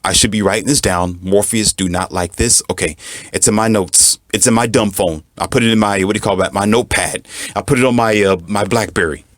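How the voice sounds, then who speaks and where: A man's voice: fairly low pitch, a little fast, no echo. A man giving an emphatic, repetitive lecture as a relationship coach. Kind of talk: lecturing monologue.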